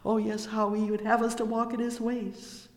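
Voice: medium pitch, level tone, moderate pace. A preacher delivering a sermon, reading scripture and breaking in often with fervent cries of praise between verses. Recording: echoey reverberant hall.

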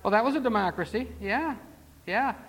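A man's voice: sits high, animated, normal speed, fairly bright tone, breathy edge. A man preaching a sermon in a folksy, conversational way, full of rhetorical questions and asides. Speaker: pastor. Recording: long hall reverb.

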